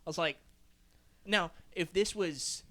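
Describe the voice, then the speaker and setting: A man's voice: high-pitched, slow, bright, forceful tone. A man co-hosting a podcast, talking casually and rambling with lots of restarts and "like, right?". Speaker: podcast co-host. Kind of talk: casual chat.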